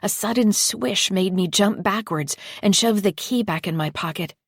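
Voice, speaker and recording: A woman narrating a first-person psychological thriller audiobook in a measured, deliberate reading. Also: medium pitch, husky, no room sound, studio quality. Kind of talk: scripted narration.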